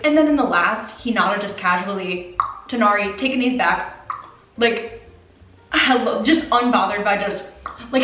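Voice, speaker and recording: A woman's voice: mid-range voice, fairly bright tone. A woman rants in casual commentary, exasperated and disbelieving, laughing as she talks. She sits a bit back from the mic, and the room around her rings with echo. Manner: exasperated, incredulous, laughs often. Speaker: anime commentator. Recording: roomy, distant from the mic.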